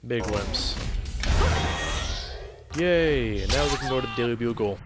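A man's voice: medium pitch, fast, loud music behind the voice. Joking young man commenting on a game. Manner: joking, chatty. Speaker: gameplay commentator.

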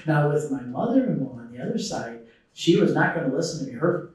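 This middle-aged conference speaker has a voice on the high side and a fairly quick delivery; he brings stories to life, performs quotes with animation, and takes questions from the crowd. Recorded from a distance, the large hall sounds echoey.

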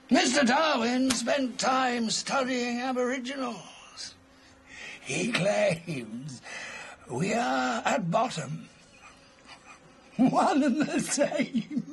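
Gelon Lamb, a florid, gravelly drunk. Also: male voice, very high-pitched, sing-song, drawn-out words, long pauses, a bit bright, slight background noise, exaggerated voice. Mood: rambling. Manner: theatrical and florid, breaks into song and laughter. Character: drunken, pompous, rambling male adventurer. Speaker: wandering adventurer. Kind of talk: film drama acting.

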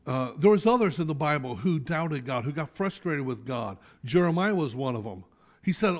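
A middle-aged pastor, his voice a little high for a man, preaches a Sunday sermon in a church sanctuary at normal speed. He's animated, swinging from loud, urgent appeals to sudden soft, intimate asides.

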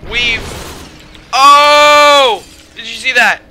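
A young man with a high, very bright voice narrates his gameplay in a let's play. He talks at an unhurried pace between excitable bursts, with his pitch swinging up into yelps and shouts. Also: a little hiss or hum. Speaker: gamer doing commentary.

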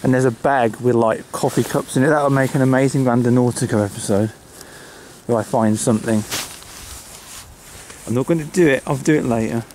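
A British man talking casually to his camera as he walks country trails, with a middle-pitched voice. He rambles, mutters asides and mocks himself. Faint outdoor noise sits behind him. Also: fairly quick, a little mellow. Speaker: vlogger. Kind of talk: casual vlog talk to camera. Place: outdoors on flooded rural trails in winter.

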